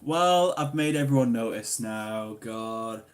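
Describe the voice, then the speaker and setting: Answering livestream questions, a young YouTuber from Newcastle upon Tyne, England, speaks with a Geordie accent at medium pitch and a slow pace. He keeps the Q&A casual, chatty and jokey, reading out the chat and breaking into loud, excited exclamations.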